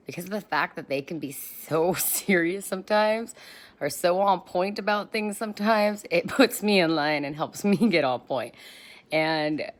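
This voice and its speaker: Speaking unhurriedly in a voice on the low side, a woman in her thirties vlogs into a handheld phone. Her casual motivational talk is encouraging, bubbly and chatty, with asides that ramble.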